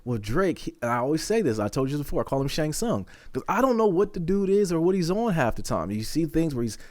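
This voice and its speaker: A man co-hosting a podcast in casual chat, animated and quick to laugh. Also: a little high, dry recording. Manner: fast, animated, laughing often. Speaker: podcast co-host.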